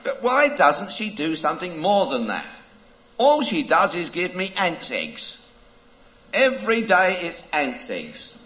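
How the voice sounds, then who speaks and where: A man's voice: high-pitched, wildly swooping pitch, slow, bright, forceful tone, highs cut off, pitched above the performer's own voice, heavily acted. A man putting on a grumpy, fed-up goldfish. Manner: complaining, exasperated.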